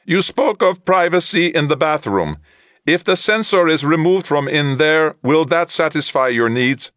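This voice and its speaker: Casting note: a man putting on an alien guard speaking through a translator, flat and emotionless, pitched well above the narrator's own deep voice, dry and close. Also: unhurried, no echo. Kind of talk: audiobook character voice.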